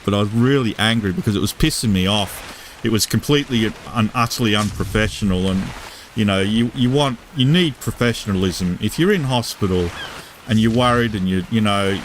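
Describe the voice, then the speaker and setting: British male streamer, low voice, rambling anecdote, coarse casual talk, faint rain backdrop. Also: a bit bright, slight background noise. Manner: casual, full of fillers and restarts, swears freely. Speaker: gaming live streamer.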